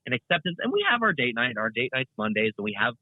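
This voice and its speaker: In a casual interview, a young guest content creator rambles at a quick pace, often restarting and using fillers. His mid-range male voice has a sing-song lilt. The remote call comes through a tinny, phone-like line with no echo.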